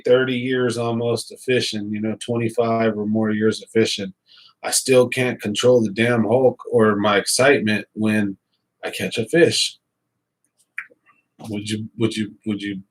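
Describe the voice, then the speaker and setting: A man's voice: mid-range voice, steady tone, unhurried, poor audio. A man, hosting a fishing channel and rambling casually to his viewers with lots of fillers. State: hiccups.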